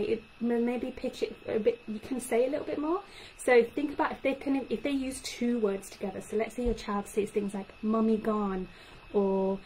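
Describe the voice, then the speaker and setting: An animated young woman, working as a speech and language therapist, talks parents through simple tips. Her voice sits a little high. Faint background noise runs under the recording. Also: low-quality recording. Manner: animated, acts out child-directed phrases. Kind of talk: talk to parents.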